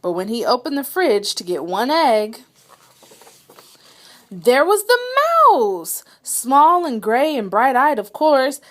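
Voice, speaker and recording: Expressive woman reading a picture book. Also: a little high, slow pace. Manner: expressive, dramatic storytelling. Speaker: read-aloud reader. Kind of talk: children's storybook read-aloud.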